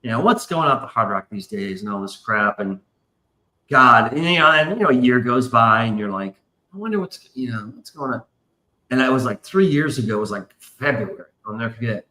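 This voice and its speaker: Bright-voiced, profane male storyteller. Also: mid-range voice, brisk, reverberant, poor audio. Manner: profane, animated storyteller acting out quotes. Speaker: podcast host. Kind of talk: casual storytelling chat. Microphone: live stream.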